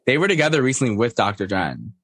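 A man co-hosting a podcast, chatting casually and gossiping about a reality show, often mimicking people. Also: fast talker. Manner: gossipy, animated, mimics people in high voices. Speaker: podcast co-host.

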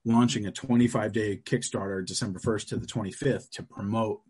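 A man's voice: lowish voice, steady tone, a little fast, a little mellow, husky. A middle-aged man, a guest on a podcast, chatting casually in a loose, crude storytelling way. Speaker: guest, comic book creator.

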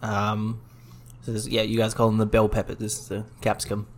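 A man's voice: on the low side, completely flat delivery, brisk. Easygoing Australian man guesting. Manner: easygoing, modest, a bit hesitant. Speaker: podcast guest. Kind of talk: casual chat.

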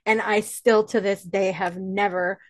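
Lively woman telling stories, dry close mic. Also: mid-range voice, unhurried, no echo. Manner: lively, swears casually. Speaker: interview guest. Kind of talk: casual storytelling chat.

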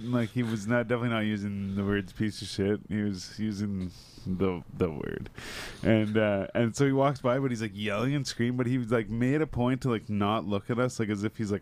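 A laid-back middle-aged man with a fairly low voice, hosting a relaxed conversation. He talks loosely and swears freely, telling stories from the street. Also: fairly quick. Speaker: podcast host. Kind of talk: casual chat.

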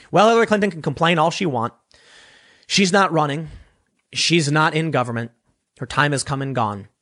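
Animated, blunt male political commentator. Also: on the high side. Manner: blunt, sarcastic, corrects himself often. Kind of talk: opinionated commentary reading news clippings.

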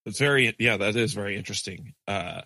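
A man's voice: on the low side, a little fast, sharp tone, no echo. A laid-back man in his forties chatting wryly about raising kids. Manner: laid-back, wry, laughs at himself. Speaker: podcast co-host. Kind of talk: casual chat.

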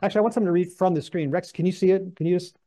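A man teaching a Bible class, emphatic and animated, firing rhetorical questions at his listeners. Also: high voice, very fast.

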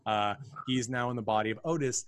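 A man co-hosting a film podcast recaps a movie in casual chat, his mid-range voice brisk and fairly bright. He rambles, restarts sentences often and piles up fillers as he talks. The sound is dry and close-miked, with no echo.

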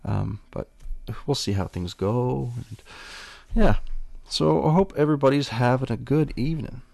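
A man's voice: mid-range voice, normal speed, vocal fry, a little mellow, no echo. A man hosting a casual solo podcast, rambling in a laid-back way and swearing freely. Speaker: podcast host.

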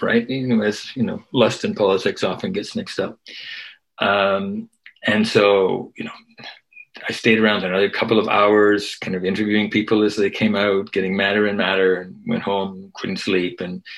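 An older man recounting a memory as an interview guest, his voice sitting somewhat low. He speaks in a relaxed, conversational way, checking in with a frequent "right?" as he goes. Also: poor audio. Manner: conversational, tags lines with "right?". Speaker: guest, activist and historian. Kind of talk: storytelling interview.

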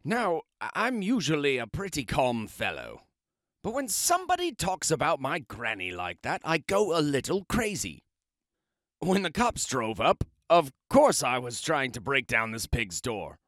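A man reads a children's storybook aloud, his pitch swinging animatedly as he chats his way through it. He sounds expressive and a little self-justifying. The sound is close and dry. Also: unhurried, no room sound. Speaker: storybook reader. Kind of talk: children's book read-aloud, first-person wolf narration.

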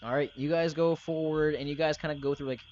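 A man's voice: a little high, fairly even intonation, fast, a little mellow, lo-fi sound, slight background noise. Rambling young man running a tabletop game. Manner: rambling, filler-heavy, loose. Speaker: game master. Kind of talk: casual tabletop game narration.

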